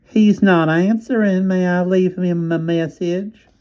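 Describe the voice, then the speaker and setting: A man voicing a nasal, whiny hospital operator, a woman with a Southern accent who drawls her words slowly. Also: high-pitched, fairly even intonation, darkish tone, highs cut off, voice pushed up. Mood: drawling. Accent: American Southern.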